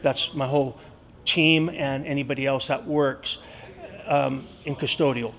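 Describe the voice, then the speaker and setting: A school custodian in his sixties, talking earnestly in an interview with many pauses and fillers. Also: medium pitch, fairly even intonation, a bit bright. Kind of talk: interview storytelling.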